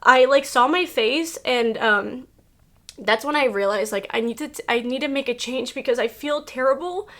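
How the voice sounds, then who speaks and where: A woman's voice: high voice, a bit bright. Chatty woman in her 30s from Mexico. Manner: chatty and candid, many "like" fillers; emotional, fighting back tears. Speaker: beauty vlogger. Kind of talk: casual personal vlog.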